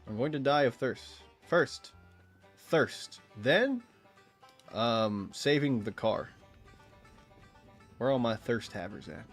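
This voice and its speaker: Male streamer, casual and profane, lively pitch swings, middle-pitched voice, reads game text aloud with jokey asides. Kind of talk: gameplay commentary.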